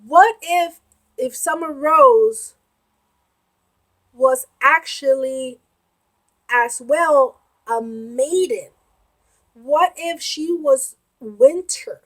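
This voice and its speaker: A young woman hosting a reaction video, gushing and emotional, often shouting and giggling as she comments. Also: high voice, very slow, long pauses.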